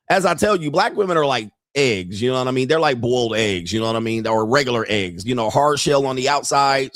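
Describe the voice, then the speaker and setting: A man's voice: medium pitch, no room sound, clean studio sound. A middle-aged man hosting a commentary show, reacting bluntly and crudely to viral clips with frequent laughter. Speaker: host.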